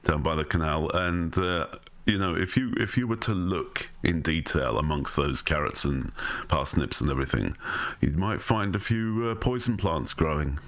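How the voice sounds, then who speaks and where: A man with a very deep voice chats casually on a comedy podcast, halting with ums and restarts and breaking into chuckles. The sound is close and dry, with no room in it. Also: a bit bright, no room sound. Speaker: podcast co-host.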